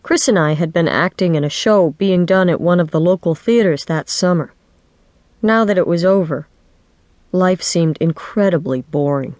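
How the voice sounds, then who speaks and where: A woman's voice: on the low side, normal speed, darkish tone, no echo. Woman narrating a kids' audiobook. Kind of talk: first-person children's audiobook narration. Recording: dry studio audiobook.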